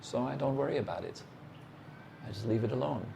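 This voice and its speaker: A man giving a meditation talk as a teacher, speaking in short, unhurried phrases and putting direct, challenging questions to the listener. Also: mid-range voice, expressive, vocal fry, background noise.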